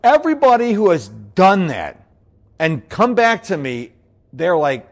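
Bouncy, high-pitched man. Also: unhurried. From United States. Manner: bouncy and upbeat, always energetic. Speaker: productivity speaker and podcast host. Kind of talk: motivational talk to an audience.

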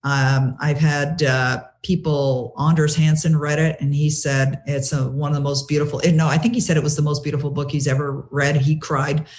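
A woman's voice: low-pitched, normal speed, few pauses. A woman, a guest author, telling a story in an interview and eagerly retelling what people said to her. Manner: animated, retells conversations with lively quoting; many fillers and restarts.

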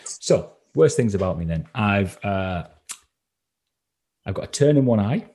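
A man's voice: fairly low pitch, lively intonation, unhurried, mellow. A man from England, a coach being interviewed on a podcast, talking casually with many ums and restarts. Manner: hesitant, lots of ums and restarts. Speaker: confidence coach guest.

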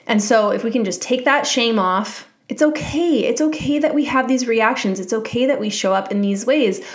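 A woman in her thirties hosting a solo podcast, calmly explaining and encouraging her listeners as a mindset coach. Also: a little high, brisk, hardly any pauses.

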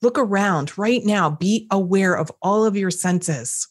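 A middle-aged woman hosting a podcast at home, talking straight to the listener in a lively, coaching way about gratitude. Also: mid-range voice, a little slow, breathy edge. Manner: animated, coaching, talks to the listener directly. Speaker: podcast host. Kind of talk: motivational podcast talk. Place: indoors at home.

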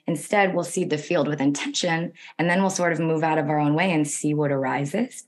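A woman healing practitioner who is losing her voice, explaining her work in a calm, flowing way. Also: low voice, moderate pace, hardly any pauses. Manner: calm, flowing, gently spiritual wording. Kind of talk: conversational explanation.

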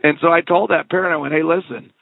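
A man's voice: fairly high pitch, rapid-fire, gravelly, no echo. A middle-aged man in casual conversation, telling a parenting story and acting out the dialogue. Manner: storytelling, animated retelling of dialogue. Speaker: co-host. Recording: tinny phone-like sound.

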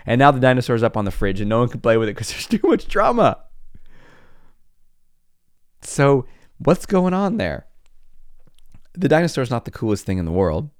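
A man's voice: medium pitch, normal speed, pauses often, no echo, clean studio sound. A middle-aged man, a psychologist, telling stories in a podcast monologue, acting out scenes and laughing often. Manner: animated storytelling, acts out scenes, laughs often.

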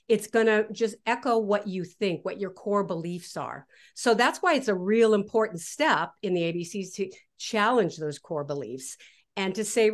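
Woman guest on a podcast, middle pitch, animated, acts out the voices in her head. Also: unhurried. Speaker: guest author. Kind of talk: casual interview talk.

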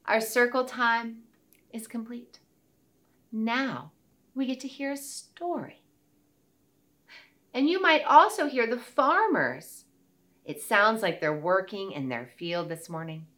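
A woman leading a children's circle time, gently speaking and singing nursery rhymes and songs. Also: on the high side, expressive, takes it slowly, pauses often. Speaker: children's teacher.

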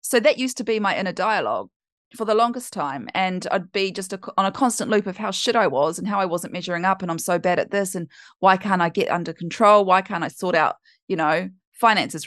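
A woman's voice: medium pitch, fairly quick, fairly bright tone, no echo, clean studio sound. A woman hosting a podcast as a coach, talking in a candid, chatty way and swearing now and then. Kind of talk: casual podcast monologue.

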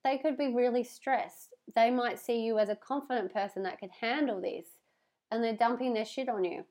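A woman's voice: a little high, normal speed, a little mellow. Earnest woman podcast host, emphatic. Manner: heartfelt, talks with hand on heart. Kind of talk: casual motivational monologue.

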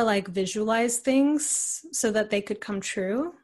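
Young woman guest on a podcast just rambling through a story, like, you know, mid pitch. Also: slow pace, darkish tone. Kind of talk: casual conversational storytelling.

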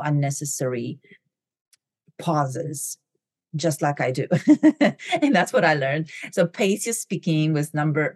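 A middle-aged woman with a foreign accent, hosting a motivational talk. She talks fast, swallows word endings and keeps tagging on "right?" and "you know". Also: sits low, darkish tone, dry recording. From immigrant to the US. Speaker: podcast host.

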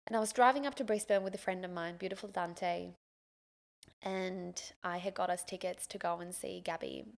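Gravelly-voiced woman telling a story. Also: fairly low pitch, normal speed. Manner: animated, emotional storytelling with lots of exclamations. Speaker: podcast host. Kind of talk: personal storytelling.

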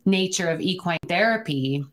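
A woman hosting a podcast interview, reflecting in measured phrases. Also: fairly low pitch, animated. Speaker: podcast host. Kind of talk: interview conversation.

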